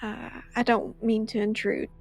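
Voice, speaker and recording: A woman's voice: on the high side, flat delivery, measured pace, gravelly, a little mellow, faint music behind. A woman playing her character in a tabletop game, speaking politely and a little hesitantly. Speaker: player.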